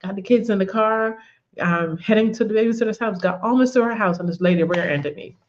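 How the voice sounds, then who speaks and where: A woman's voice: medium pitch, fairly quick, dull audio. A woman giving a conversational faith teaching, telling personal stories, repeating words and often saying "you know". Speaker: women's ministry teacher.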